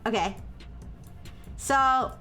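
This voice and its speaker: Woman streamer, high and bright, slow tutoring delivery, apologetic when corrected; faint music underneath. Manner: explains step by step with frequent "okay?" and "all right?" checks; self-described as highly caffeinated. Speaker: streamer working through a math problem. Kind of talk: live-stream explaining math to chat.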